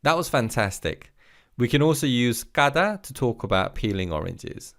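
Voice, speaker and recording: A man teaching a recorded vocabulary lesson, leading slow repeat-after-me drills and praising the learner between words. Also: mid-range voice, big pitch swings, fairly bright tone. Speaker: language teacher.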